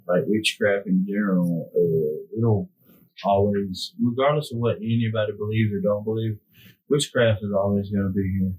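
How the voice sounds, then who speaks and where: A man with a husky, slightly rough voice in a relaxed podcast chat. He teases the others and keeps tossing in quick agreements. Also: fairly low pitch, faint music behind, poor audio. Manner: teasing banter, many short agreements. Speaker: podcast host. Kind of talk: casual chat.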